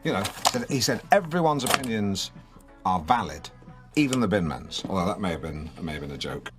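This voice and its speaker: A man's voice: deep voice, big pitch swings, a little fast, over music. An actor playing a pompous, awkward middle-aged male local radio DJ with an English accent, rambling and fawning in a comedy radio show. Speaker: radio host.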